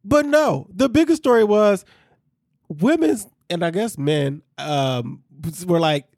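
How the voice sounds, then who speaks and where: A man trading celebrity gossip on a casual show, reading headlines aloud and cracking jokes as he goes. His voice sits a little high for a man yet sounds dark and mellow, recorded close and dry. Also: animated, slow pace, gravelly, dry recording. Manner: joking, reads news aloud, laughs often. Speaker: podcast co-host.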